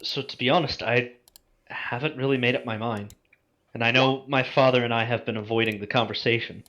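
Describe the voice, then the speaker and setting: A man's voice: medium pitch, fairly even intonation, dull audio, pitched below the performer's own voice, close to an everyday voice. Man voicing a hesitant young woman mage. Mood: uncertain. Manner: hesitant, halting, soft-spoken.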